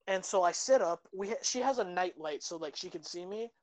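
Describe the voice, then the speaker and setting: A woman's voice: on the low side, lively intonation, fairly quick, darkish tone, no room sound, rough recording. A young woman casually telling a long, rambling anecdote, full of fillers and restarts. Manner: rambling, filler-heavy, with laughs. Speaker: storyteller in casual chat. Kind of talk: casual chat.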